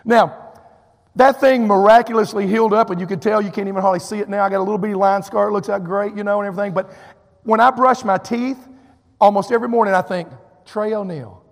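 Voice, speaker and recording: A man from Texas preaching a sermon in a high, gravelly voice, telling a personal story in an animated way and acting out each person's lines. He often drops in "you know" asides. His voice rings out with the long reverb of a church hall. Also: fast. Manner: animated, acts out quotes, drawling fillers.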